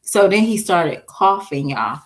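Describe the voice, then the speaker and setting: A woman in her thirties telling her viewers a story about her son, in a casual, animated way, laughing often and restarting words. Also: on the low side, a little slow. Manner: talks straight to viewers with slang and "y'all". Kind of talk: casual story time vlog.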